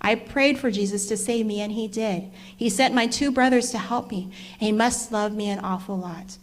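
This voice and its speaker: A woman's voice: mid-range voice, moderate pace, close to an everyday voice. A woman voicing an eager, brave little girl in a children's story, breathless and pleading when scared. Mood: grateful.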